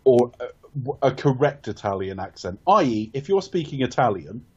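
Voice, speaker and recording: A man's voice: medium pitch, sing-song, moderate pace, husky, lo-fi sound. A man co-hosting a casual film review podcast, rambling and correcting himself as he talks, with casual swearing. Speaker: podcast co-host.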